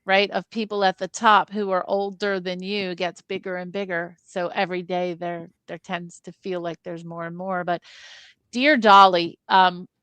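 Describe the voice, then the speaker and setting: A middle-aged woman co-hosting a film review chat, speaking in a gentle, measured way. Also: lowish voice, little pitch movement, clear, resonant tone, no room sound. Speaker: film club co-host.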